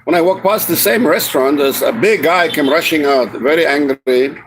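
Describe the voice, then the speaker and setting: A man's voice: fairly high pitch, moderate pace, slight background noise. A man vlogging in a rambling, casual monologue, swearing freely and often restarting his sentences. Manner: meandering, profane, many restarts.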